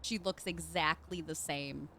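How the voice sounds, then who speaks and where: A young woman streaming a video game live, reacting excitably with swearing and panicked shrieks. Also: deep voice, a little slow, slight background noise.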